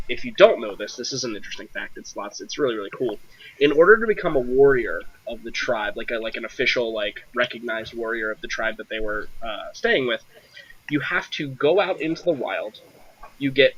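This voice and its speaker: A man's voice: mid-range voice, fairly bright tone, slightly rough. A young man running a tabletop game, chatting loosely with lots of fillers over a voice call. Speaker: game master. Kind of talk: casual chat over voice call. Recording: dull lo-fi sound.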